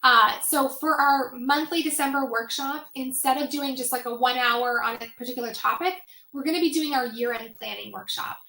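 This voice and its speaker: A high, bright woman's voice talks through an online finance workshop in a chatty way, full of fillers and quick asides. Her voice is wearing thin from a long session. She sounds like she is in a roomy space with echo. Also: creaky. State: voice getting tired. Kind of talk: casual online workshop talk.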